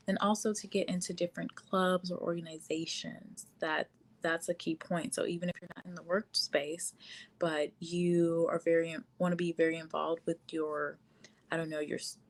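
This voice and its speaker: A woman's voice: on the low side, a little mellow. A woman hosting a casual live stream, talking at length with frequent fillers and reading viewer comments aloud. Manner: frequent fillers, laughs often. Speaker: livestream host.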